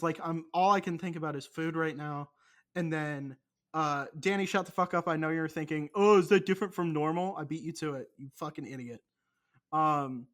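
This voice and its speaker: A young man chatting on a casual podcast, his voice sitting a little high for a man. He rambles, swears freely and pokes fun at himself as he talks. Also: a bit bright. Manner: profane, rambling, self-mocking. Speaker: podcast co-host. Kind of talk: casual chat.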